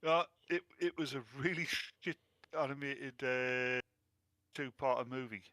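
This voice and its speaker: A mid-pitched man rambles through an opinionated rant on a podcast, restarting his sentences as he goes. The mic is dry and close, with no room sound. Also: unhurried, sharp tone, no echo. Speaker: podcast co-host. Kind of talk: casual chat.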